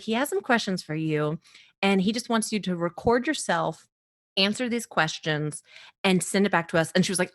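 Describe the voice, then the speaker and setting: A woman comedian from the US East Coast, speaking at a medium pitch, tells a story as a podcast guest in a casual interview. She's lively, laughs often, and acts out the voices of the people she quotes.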